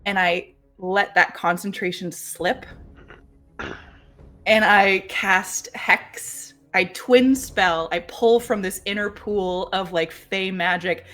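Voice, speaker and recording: A woman's voice: on the low side, a bit bright. Chatty woman playing a tabletop game. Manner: chatty, describes her actions with many fillers. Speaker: player. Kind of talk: casual tabletop game play.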